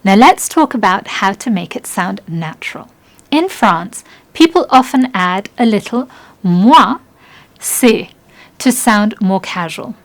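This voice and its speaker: A young adult woman presenting a scripted language lesson in an upbeat, encouraging way, slowing down to model phrases. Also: medium pitch, expressive. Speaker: French language teacher.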